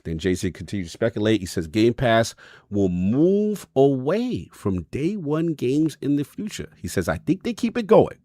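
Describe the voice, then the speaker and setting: A man's voice: on the low side, a little mellow, dry recording, clean studio sound. A man hosting a casual gaming podcast, reading out quotes and laughing often with his co-hosts. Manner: reads quotes then hands off to guests, laughs often. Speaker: podcast host.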